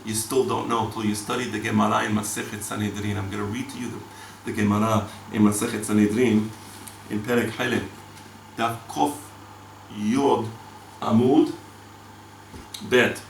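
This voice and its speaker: A male rabbi teaches the weekly Torah portion in a spoken class, his voice lowish, gravelly and fairly flat in pitch, at a moderate pace with frequent pauses. He's dramatic, posing rhetorical questions and using sweeping emphasis while mixing in Hebrew terms and reading Talmud aloud. The recording is echoey with a distant mic and a little hiss or hum.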